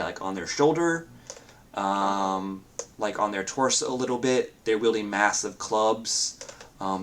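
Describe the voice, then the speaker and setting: A man's voice: lowish voice, fairly bright tone, a little hiss or hum. A man narrating as game master of a tabletop game, describing scenes in a loose way with many fillers.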